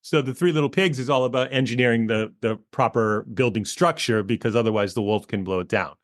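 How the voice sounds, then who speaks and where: A man's voice: medium pitch, fairly quick, dry recording, clean studio sound. A man in his forties, a comic author being interviewed, talking casually and loosely with many fillers. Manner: relaxed, rambling, with many fillers. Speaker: guest, educational comic author. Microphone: close podcast mic.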